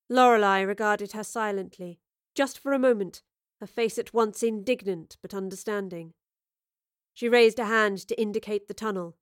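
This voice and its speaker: Lady reading a story aloud, measured and steady, dry close mic. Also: mid-range voice, no echo. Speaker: narrator. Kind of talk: storybook narration.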